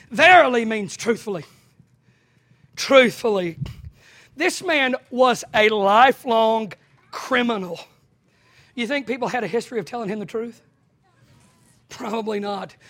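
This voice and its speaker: High, forceful impassioned preacher, man. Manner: impassioned, swinging from shouts to hushed asides. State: voice straining, close to giving out. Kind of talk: sermon. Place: church.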